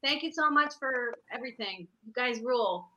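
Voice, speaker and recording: An older woman chatting as a panel guest in a casual, animated, laughing way over a video call. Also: on the high side, normal speed, muffled recording, slight background noise.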